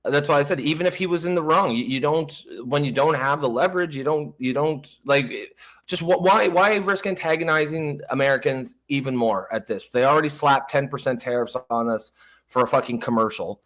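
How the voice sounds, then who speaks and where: Stammering, profane man, fairly high voice. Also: brisk, fairly bright tone. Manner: profane, stammering, laughs often. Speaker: podcast host. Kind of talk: casual political commentary.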